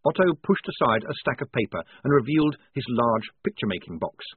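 Man, audiobook narration, wry and expressive, lively pitch, husky, tinny phone-like sound. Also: brisk, no echo. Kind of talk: scripted narration.

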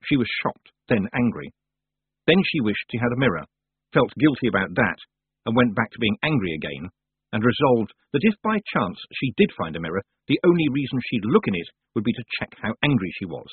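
A man narrating a humorous fantasy novel in a wry, expressive storytelling manner. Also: medium pitch, brisk, breathy edge, no echo. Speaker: audiobook narrator. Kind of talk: audiobook narration. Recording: dry, tinny phone-like sound.

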